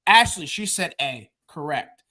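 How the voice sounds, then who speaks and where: A man's voice: fairly high pitch, animated, measured pace, pushed and bright. Loose joking podcast trivia host man. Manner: loose, joking, rambling with fillers. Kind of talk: casual sports chat.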